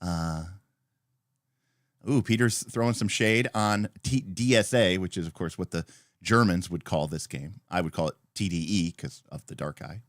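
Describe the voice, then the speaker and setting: A man's voice: low-pitched, moderate pace, no room sound, clean studio sound. A man hosting a casual livestream, chatty and rambling as he greets viewers by name. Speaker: livestream host.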